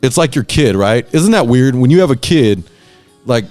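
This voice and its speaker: A man hosts a podcast in a loose, comic rant, swearing freely and laughing as he goes. He acts out the voices of people in his stories. His pitch sits right in the middle for a man, and faint music plays underneath. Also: expressive, moderate pace, darkish tone. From Southern California. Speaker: podcast host. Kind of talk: casual comedic rant.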